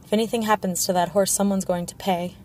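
A woman reading the part of a gruff, scarred male warrior who speaks curtly. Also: mid-range voice, steady tone, fast talker, a little mellow, slight background noise, natural voice. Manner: gruff, curt.

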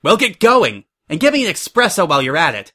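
A man's voice: fairly high pitch, expressive, normal speed, sharp tone. A man voicing a scheming, two-faced female pony designer who talks sweetly to her boss and bosses her intern around. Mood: bossy threatening. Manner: sugary in front, snapping and bossy in private.

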